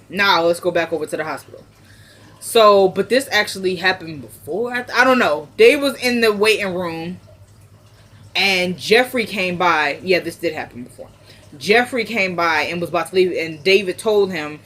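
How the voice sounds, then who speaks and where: A woman's voice: fairly low pitch, normal speed, fairly bright tone. A woman casually recapping a TV episode to her camera. She retells scenes by slipping into the characters' lines. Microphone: self-recorded camera.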